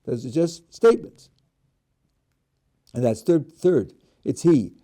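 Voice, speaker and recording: A man's voice: mid-range voice, sing-song, slow pace, mellow. A middle-aged man, a rabbi, giving a lecture on prayer, explaining step by step, asking his students questions and often restarting words. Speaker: rabbi teaching a class.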